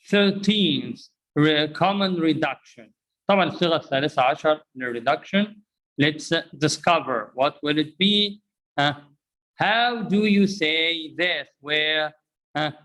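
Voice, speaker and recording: A man's voice: a little high, fairly bright tone, rough recording. A man teaching English pronunciation, drilling phrases and asking learners to repeat after him, mixing in Arabic explanations. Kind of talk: interactive language lesson.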